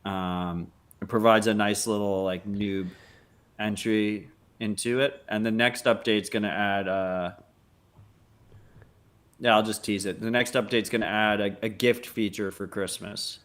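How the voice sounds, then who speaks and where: Male co-host with a lowish voice, blunt and wry in casual chat. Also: fairly even intonation, a little slow, a bit bright. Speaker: podcast co-host.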